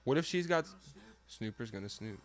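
A young man co-hosting a casual show, excitable and slangy, calling his friend "dude". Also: mid-range voice, moderate pace. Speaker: podcast co-host. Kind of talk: casual chat, watching an episode together.

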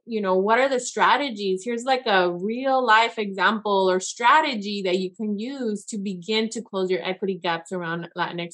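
A woman's voice: medium pitch, fairly bright tone. A woman guest on a podcast interview who speaks thoughtfully and feels her way through her points. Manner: thoughtful, searching, many fillers and restarts. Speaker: guest, education consultant.

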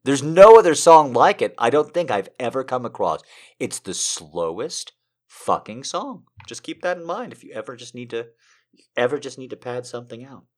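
A man streaming from home, reading poems and love letters aloud with slow drama, breaking off into chatty, profane asides. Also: medium pitch, very animated.

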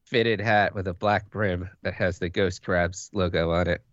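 A man's voice: sits low, steady tone, a little slow, dry recording, muffled recording. A man co-hosting a hockey podcast in casual chat, joking playfully. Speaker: podcast co-host.

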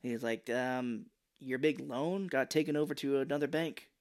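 A man with a mid-range voice and moderate pace co-hosts a podcast, casually telling the story of a movie. He's animated, acts out what the characters say, and swears freely.

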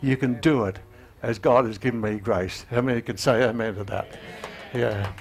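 A man in his eighties preaching a sermon, halting with fillers and restarts, often emotional, and growing louder and higher as he urges repentance. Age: 80s. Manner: rises in pitch and volume when urging repentance.

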